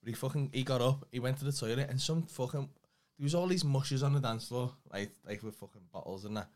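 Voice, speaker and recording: A man's voice: medium pitch, quick pace, darkish tone. A man co-hosting a comedy podcast, telling rambling, swear-heavy anecdotes in casual chat.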